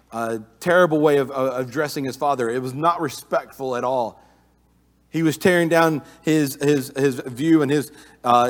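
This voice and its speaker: A man preaching a sermon in an earnest manner, often restarting his sentences with filler uhs. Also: mid-range voice. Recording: long reverb of a large hall.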